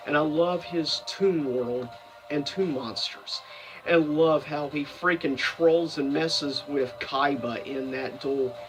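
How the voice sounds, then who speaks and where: Ranking a cartoon's seasons, a video host with a fairly high voice rambles casually, stumbling over fillers and correcting himself. He sits far from the mic, and the audio is poor.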